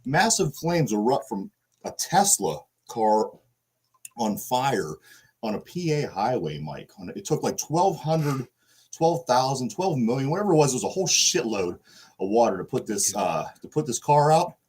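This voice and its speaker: A man's voice: mid-range voice, sing-song, normal speed, a little mellow, breathy edge. A man from the Pittsburgh area co-hosting a sports podcast, rambling with restarts and casual swearing as he reads the news. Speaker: podcast co-host.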